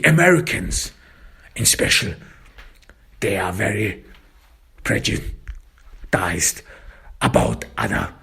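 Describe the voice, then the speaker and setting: A man narrating a first-person detective story, slow, halting and reflective. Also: fairly low pitch, vocal fry, pushed and bright, breathy edge.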